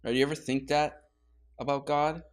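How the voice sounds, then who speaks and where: A man's voice: fairly high pitch, little pitch movement, fairly quick. A man pastor leading a casual Bible study, talking conversationally with laughing asides.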